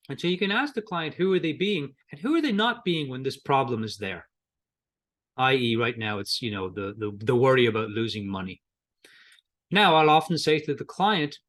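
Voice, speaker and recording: A man's voice: mid-range voice, animated, normal speed, fairly bright tone. A middle-aged man teaching a coaching lesson in a conversational way, acting out both coach and client in short quoted exchanges. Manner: conversational, with repetitions and restarts. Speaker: coaching trainer. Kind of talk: coaching lesson with role-played client dialogue.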